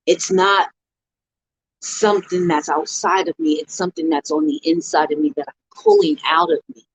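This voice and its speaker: A woman's voice: on the low side, lively intonation, moderate pace, vocal fry, poor audio. A middle-aged woman giving an earnest motivational talk on a live stream, with a preacher-like rhythm of repeated phrases. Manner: earnest, preacher-like cadence with repetition. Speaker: motivational speaker.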